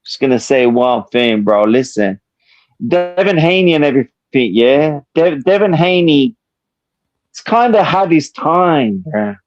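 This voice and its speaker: A man in his fifties with a Birmingham accent, calling into a live stream. He talks in an animated way, swearing freely and leaning on "listen, bro" again and again. His voice sits a little high for a man. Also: a little slow, dull audio, faint music behind. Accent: Birmingham English. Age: 50s. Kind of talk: casual chat.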